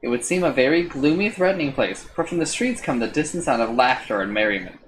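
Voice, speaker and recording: A man's voice: medium pitch, expressive, quick pace, a little hiss or hum, low-quality recording. A man streaming, reading a text adventure aloud with casual, swearing asides.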